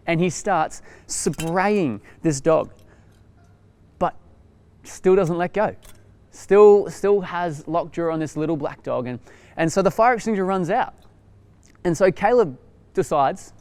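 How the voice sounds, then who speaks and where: A young Australian man leads a youth talk with a relaxed storytelling manner. His voice sits a little high and swings widely in pitch. He restarts sentences and fills pauses with ums and "you know.". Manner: animated anecdotal, many fillers and restarts. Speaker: youth pastor.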